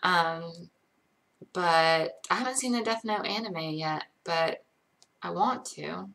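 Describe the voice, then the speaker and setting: Her voice is on the low side, creaky and fairly bright, and she takes it slowly. She's a twentysomething livestream host from Georgia, USA, with a light Connecticut-tinged American accent and little Southern in it. Reading viewer questions in casual live chat, she rambles chattily with many "likes" and "ums."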